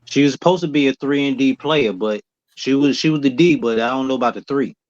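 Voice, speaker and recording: A man's voice: medium pitch, a little fast, dry recording. A man, a guest in a casual sports chat, talking bluntly with a teasing edge. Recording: dull, lo-fi call audio.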